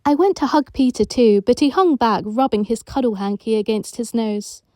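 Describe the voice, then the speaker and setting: A woman's voice: a little high, normal speed, few pauses, darkish tone, no echo. Woman reading a children's audiobook. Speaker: audiobook reader. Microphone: home recording.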